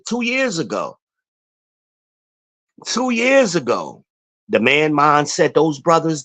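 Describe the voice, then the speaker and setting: A man's voice: mid-range voice, fairly bright tone. A man hosting a casual stream, ranting bluntly with lots of cursing and rambling asides. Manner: blunt, profane, rambling rant. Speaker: channel host.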